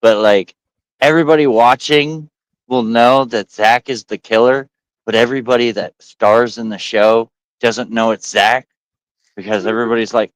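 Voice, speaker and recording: A man telling stories on a podcast in a middle-pitched voice. He acts out the quoted lines in his stories. The sound is dry and close. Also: moderate pace, no room sound, poor audio. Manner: animated storyteller, acts out quotes. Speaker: podcast host. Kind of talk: casual podcast chat.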